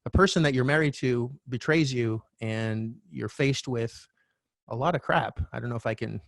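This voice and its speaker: A middle-aged man, a real estate coach, telling a candid personal story as a podcast guest, animated and swearing now and then. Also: mid-range voice, moderate pace, creaky, no room sound, clean studio sound. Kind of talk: storytelling interview talk.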